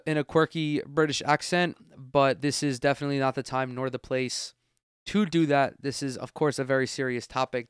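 A man's voice: mid-range voice, smooth, dry recording, clean studio sound. Blunt, profane man hosting a podcast. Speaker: podcast host. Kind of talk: casual solo commentary. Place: room at home with windows open.

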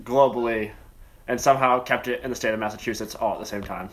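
Bright-voiced joking guy from Boston. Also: mid-range voice, fairly even intonation, fast talker. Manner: joking, self-deprecating. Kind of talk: casual storytelling chat.

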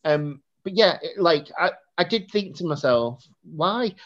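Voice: mid-range voice, animated, a little slow. A podcast co-host, chatting casually about a film, rambling with lots of fillers. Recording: dull lo-fi recording.

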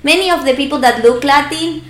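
Fast-talking Argentinian woman, echoey room. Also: sits high. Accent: Argentinian Spanish. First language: Spanish. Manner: fast-talking, restarts sentences. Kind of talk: casual conversation.

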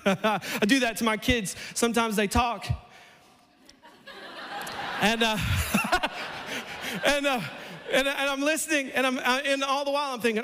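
A man preaching a sermon in a church, playful and animated, his voice climbing almost to a shout as he acts out lines. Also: extremely high pitch, unhurried, pauses often, clear, resonant tone, in a large hall. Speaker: pastor.

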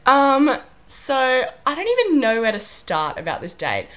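A young woman co-hosts a podcast, chatting casually and telling stories with giggles despite a wheezy, sick voice. She speaks high and very animated at a measured pace, with a fairly bright tone.

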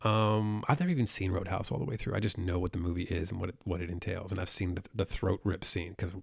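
A man's voice: low-pitched, steady tone, quick pace, gravelly, no echo, studio quality. A man hosting a solo podcast, rambling in a crude, sarcastic, self-mocking way. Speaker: podcast host. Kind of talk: solo casual podcast rant.

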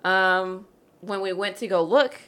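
Woman podcaster reading a spooky legend, bright sharp voice, jokes and swears a lot. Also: mid-range voice, unhurried. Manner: joking, swears freely, laughs often while reading. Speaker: podcast host. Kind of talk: casual storytelling chat.

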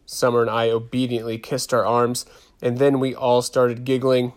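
A man narrating a children's story in a steady reading voice. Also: medium pitch, normal speed. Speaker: audiobook narrator.

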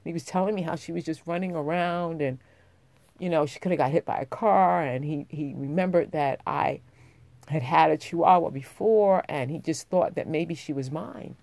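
A woman's voice: low voice, normal speed, vocal fry, darkish tone, no room sound. A woman vlogging, telling a personal story in a heartfelt, rambling way with many restarts, getting emotional as she talks.

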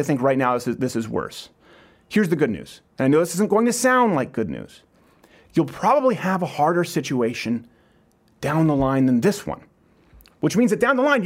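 A man hosting a talk show, delivering an emphatic motivational monologue with repeated phrases and jokey asides. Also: sits high. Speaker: host.

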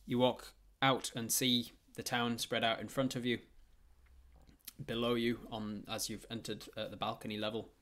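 A man's voice: medium pitch, flat delivery, normal speed, a bit bright. A man narrating a tabletop game as game master, rambling with frequent fillers and restarts.

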